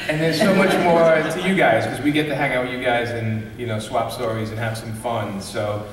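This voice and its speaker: A man from Brooklyn, a comics creator hosting a convention panel, tells a funny story in a loose, animated way and acts out the voices of the people in it, laughing often. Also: medium pitch, moderate pace, background noise. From Brooklyn, New York. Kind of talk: casual storytelling to a live audience. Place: large convention panel room. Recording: echoey hall, distant mic.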